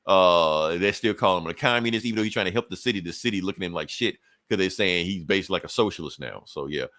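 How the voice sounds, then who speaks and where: Low-voiced man recapping comics, profane. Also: a bit bright, no room sound. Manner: profane, rambling retelling with quick voiced asides. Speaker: podcast co-host recapping a comic. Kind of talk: casual comic book recap chat.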